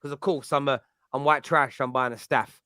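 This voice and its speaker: A man's voice: mid-range voice, steady tone, moderate pace, bright, forceful tone, smooth, no room sound, studio quality. A man, hosting a casual football chat and telling rambling, jokey stories. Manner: chatty, rambling, jokey storytelling. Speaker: podcast host.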